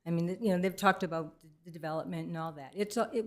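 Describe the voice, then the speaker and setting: A middle-aged woman giving an unplanned, earnest public comment at a council meeting, halting and restarting often. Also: fairly low pitch. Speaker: resident speaking at public comment.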